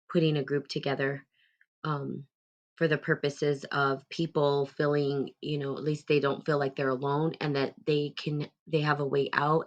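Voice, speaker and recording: A woman hosting a casual talk, rambling along with many fillers and restarts, turning animated as she retells a story. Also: low voice. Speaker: host.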